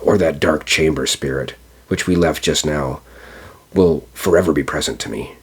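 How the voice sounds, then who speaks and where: A man's voice: extremely low pitch, moderate pace, breathy edge, heavily acted. A man voicing a shaken old miser pleading with a spirit in an audiobook reading.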